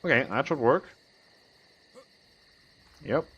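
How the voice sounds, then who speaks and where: A man's voice: medium pitch, expressive, slow, a bit bright, dull audio, slight background noise. Rambling self-mocking man. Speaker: gaming video host. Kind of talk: casual let's-play commentary.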